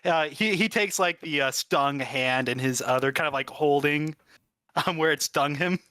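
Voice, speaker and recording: A player describing a character's actions, chatty and halting, laughing often. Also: mid-range voice, a bit bright, smooth, no echo.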